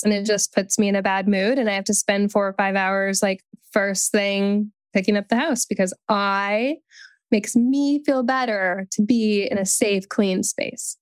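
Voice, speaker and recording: A woman's voice: mid-range voice, steady tone, measured pace, clean tone, no room sound. A woman being coached on a podcast, candidly talking through her frustrations and saying "like" often. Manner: candid, venting, says "like" often. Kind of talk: casual coaching conversation.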